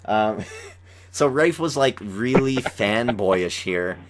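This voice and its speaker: Young man, podcast host, slightly low voice, casual rambling chat. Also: takes it slowly, noisy background. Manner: rambling, says "like" often, animated retelling. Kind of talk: casual chat about a TV episode.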